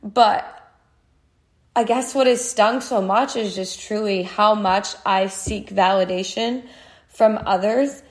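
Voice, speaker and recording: A woman's voice: medium pitch, slow pace. A woman in her twenties hosting a podcast, talking through her feelings in a candid, heartfelt monologue full of "like" fillers. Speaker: podcast host. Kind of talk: casual personal monologue.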